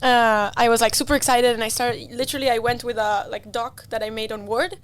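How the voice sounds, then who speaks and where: Fast-talking young woman, animated storyteller. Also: a little high. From Canary Islands. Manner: animated, many fillers like "like" and "you know". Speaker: racing driver guest. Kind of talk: casual interview storytelling.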